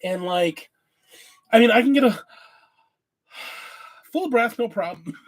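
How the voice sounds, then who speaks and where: A man's voice: very high-pitched, animated, very slow. A man hosting a casual video chat, tired and coughing after an illness, rambling candidly and swearing now and then. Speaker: host.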